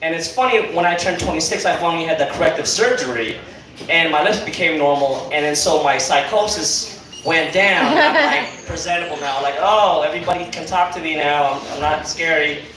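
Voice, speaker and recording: A man's voice: fairly high pitch, lively intonation, a little fast, a bit bright, slight background noise. A young man doing a rambling, profane stand-up set on a comedy club stage. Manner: rambling, profane, lots of fillers. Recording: echoey club, mic from far off, crowd. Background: audience laughing.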